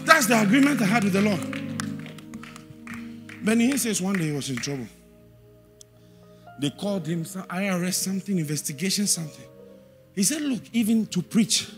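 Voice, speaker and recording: A man with a Ghanaian English accent preaching a sermon in a church, repeating verse references and swinging from quiet asides to shouted, sing-song emphasis. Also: high-pitched, big pitch swings, normal speed, long pauses, faint music behind.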